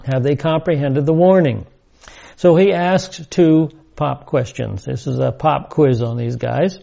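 Male Bible teacher, mellow and gravelly, deliberate and emphatic lecture delivery, muffled lo-fi recording. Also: on the high side. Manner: deliberate, emphatic, repeats key words.

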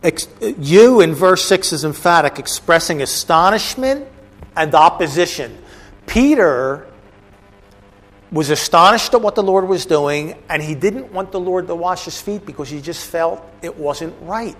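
Guy teaching bible study, chatty asides, voice a bit on the high side. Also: expressive, a little slow, fairly bright tone. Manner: conversational, asides to the audience. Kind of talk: bible teaching to a live class.

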